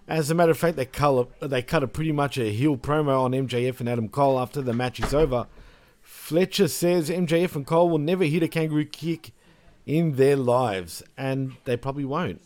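Dude hosting a wrestling recap pod, sick of it all, cusses a bit. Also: male voice, mid-range voice, brisk, darkish tone. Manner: recapping segments, swearing, fed-up. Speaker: podcast host. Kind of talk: casual wrestling review chat.

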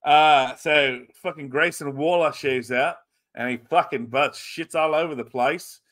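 A man's voice: on the high side, unhurried, fairly bright tone. A man hosting a podcast, casually recapping a show in a rambling, laid-back way with lots of fillers and swearing. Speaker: podcast host reviewing a wrestling show.

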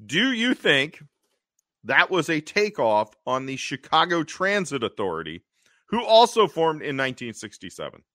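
A man recaps a TV episode on a podcast with lively, swooping delivery. His voice is bright and fairly high, recorded dry and close. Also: normal speed, no room sound. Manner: animated recapping with acted quotes. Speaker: podcast co-host. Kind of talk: casual chat.

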